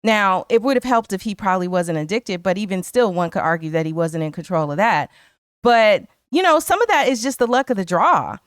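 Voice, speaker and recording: A woman's voice: medium pitch, lively intonation, brisk, no echo, studio quality. Chatty woman recapping a film. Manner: chatty, retells scenes in quoted voices. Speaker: podcast co-host. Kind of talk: casual film commentary.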